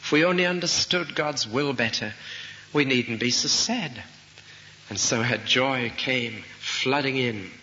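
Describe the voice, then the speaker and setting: A man's voice: medium pitch, measured pace, pushed and bright. A man preaching an expository sermon, thoughtful and given to rhetorical questions. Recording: dull lo-fi recording with faint hiss.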